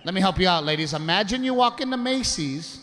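A man performing a crude, self-mocking stand-up routine on a comedy club stage, telling an animated story. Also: sits high, quick pace, big-room sound. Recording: live club recording with audible background noise.

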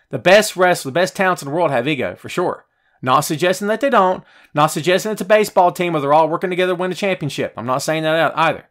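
A male podcast host of a wrestling talk show rants at his viewers while reading their comments aloud, sounding a bit out of breath. Animated and rhetorical, he speaks quickly in a fairly high voice.

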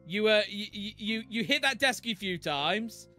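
A man's voice: high-pitched, lively intonation, unhurried, sharp tone, faint music behind. A man hosting a gaming stream, teasing his partner and patiently explaining the game in casual banter. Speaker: streamer host.

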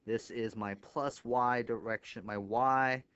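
A man talks through a whiteboard lecture in a clear, smooth voice at a middle pitch, pointing out each item with 'right here' and snapping each step shut with a quick 'bam'. The recording is dry and a little dull and lo-fi. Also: steady tone, fairly bright tone, dry recording. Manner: thinks aloud, punctuates steps with 'bam'. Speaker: engineering instructor.

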